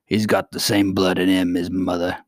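A man's voice: sits low, flat delivery, normal speed, no room sound, clean studio sound, lightly acted. A man reading aloud and voicing a pompous, squat goblin king who speaks with weary dignity. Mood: dignified. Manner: dignified, placating.

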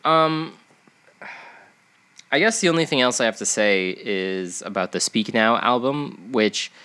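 A man's voice: medium pitch, expressive, unhurried, pushed and bright. A young man with a stuffy nose co-hosting a podcast, rambling in casual chat with many fillers and restarts. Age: young adult. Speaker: podcast co-host.

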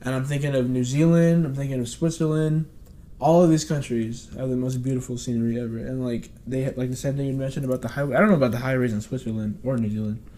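A man's voice: medium pitch, fairly even intonation, fast, mellow. A young man from Texas co-hosting a casual chat, telling stories animatedly and laughing often. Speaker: podcast co-host.

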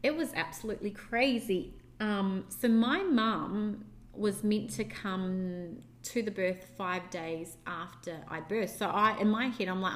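A woman's voice: medium pitch, measured pace. A young woman co-hosting a podcast, telling a personal story in a chatty, rambling way with lots of fillers. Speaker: podcast co-host. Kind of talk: casual storytelling chat.

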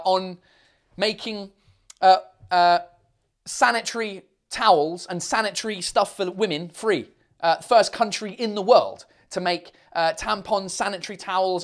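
Rambling, sweary male livestreamer. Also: sits high. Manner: rambling, swears freely, self-mocking. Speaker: livestream host. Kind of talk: casual live chat reading comments.

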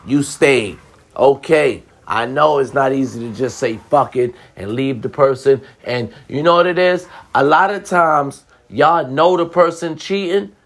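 A man giving relationship advice in a blunt, profane casual monologue, repeating lines for emphasis. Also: mid-range voice.

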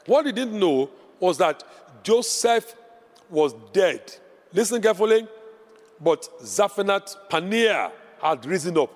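A man's voice: high voice, very animated, measured pace, big-room sound. A man preaching a sermon as pastor, impassioned and repeating lines for emphasis.

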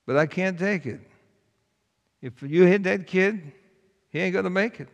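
A man doing a pleading brave schoolboy, high and loud. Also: unhurried. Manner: pleading, earnest. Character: brave schoolboy offering to take a beating. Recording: long hall reverb.

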